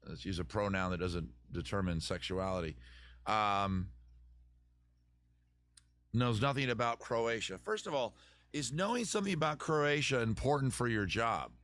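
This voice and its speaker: Low-voiced man riffing on chat questions. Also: lively intonation, normal speed, pauses often, fairly bright tone, dry recording. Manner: jokey, digressive, answering chat questions with mock advice. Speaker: host of a live advice stream. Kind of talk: casual rambling live-stream chat. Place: home room with a fire.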